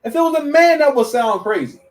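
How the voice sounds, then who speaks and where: A man's voice: very high voice, a little fast, far from the mic, rough recording. A man giving casual reaction commentary, stammering and restarting, full of slang. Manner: stammering, slang-heavy, animated.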